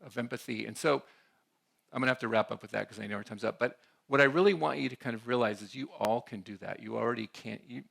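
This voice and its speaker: A man's voice: mid-range voice, fast talker, vocal fry, a bit bright. A man giving a conversational talk at a church conference, often checking in with the audience. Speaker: conference speaker.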